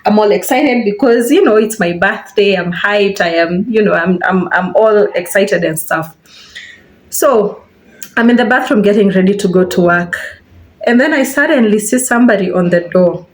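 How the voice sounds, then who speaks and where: A woman's voice: mid-range voice, normal speed, reverberant. A young woman with a Kenyan accent telling a casual storytime while getting ready, talking chattily and acting out what people said. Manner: chatty, animated, acts out quoted lines with laughter. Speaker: vlogger. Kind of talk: casual storytime while doing her hair.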